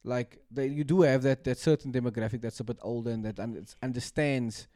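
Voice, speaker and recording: An animated South African man co-hosting a casual podcast chat, who keeps asking whether his point lands. His voice sits at an everyday middle pitch. The sound is dry and close, with no room around it. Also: a little fast, dry recording. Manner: animated, keeps checking he is understood. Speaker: podcast co-host.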